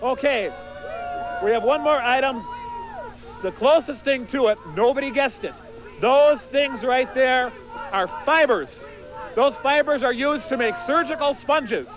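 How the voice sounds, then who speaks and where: Man, high voice, hammy reporter patter, rambling, outdoors. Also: measured pace, rough recording. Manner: mock-excited reporter, rambling. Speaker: comic host of a local TV special. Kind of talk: mock live TV reporting. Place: outdoors in winter cold.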